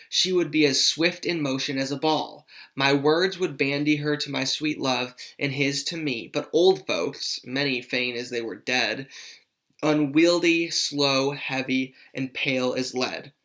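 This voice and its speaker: A man's voice: medium pitch, measured pace, close to an everyday voice. A man voicing impatient young Juliet. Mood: longing. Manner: pleading, urgent, louder than usual. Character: impatient young girl Juliet, eager for news. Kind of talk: dramatic read-aloud of a play.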